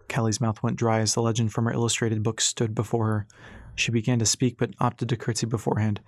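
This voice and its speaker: A man's voice: fairly low pitch, level tone, fast talker, no echo. Man narrating an audiobook, dry sound.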